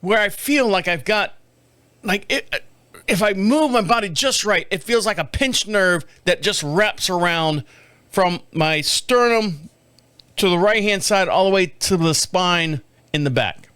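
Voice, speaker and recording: A middle-aged man talks through a casual podcast monologue in a bright voice that sits high for a man. He rambles from story to story with animated energy and often mimics other people. The sound is dry and close to the mic, with no room around it. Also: normal speed, smooth, no echo. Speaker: podcast host. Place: home studio.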